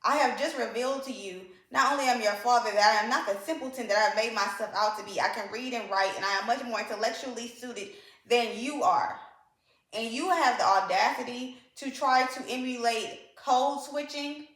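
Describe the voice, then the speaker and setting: A woman's voice: fairly high pitch, moderate pace, fairly bright tone. A woman giving a casual, opinionated book review, emphatic and repeating points for effect. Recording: echoey room.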